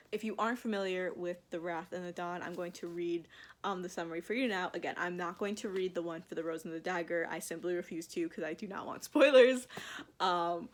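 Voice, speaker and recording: A woman chatting casually to camera as a book vlogger, gushing and excitable, full of fillers, restarts and casual swearing. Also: lowish voice, fairly quick.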